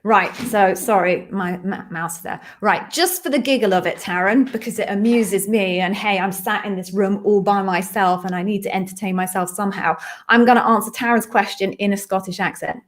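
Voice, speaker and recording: A woman from the UK hosting a live Q&A stream from her home office, chatty and quick with self-amused asides. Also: medium pitch. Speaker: host and interview coach. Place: echoey home office being redecorated.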